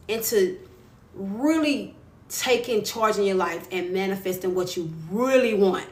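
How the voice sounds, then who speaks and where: A woman's voice: medium pitch, a little slow, darkish tone. A woman author hosting a casual live stream, chatting encouragingly with viewers and greeting them by name. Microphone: phone. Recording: echoey room with faint ambience.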